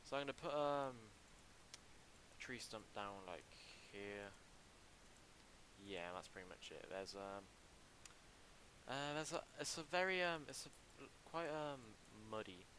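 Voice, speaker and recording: A young man livestreams himself building a game level, commenting casually and animatedly in a medium-pitched voice. His talk into the desk mic is halting and chatty, with many ums and restarts, and background noise can be heard.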